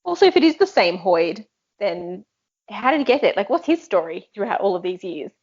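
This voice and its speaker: A woman's voice: mid-range voice, very animated, a little fast, darkish tone, slightly rough. A woman co-hosting a book podcast who speculates in a playful, casual way. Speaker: podcast co-host. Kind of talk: casual book-club chat. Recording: dull lo-fi audio.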